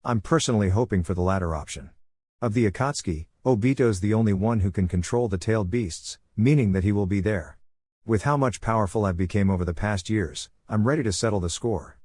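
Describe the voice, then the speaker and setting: A man voicing a cold, vengeful young male ninja with a flat, hard delivery. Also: on the low side, brisk, no echo, lightly acted.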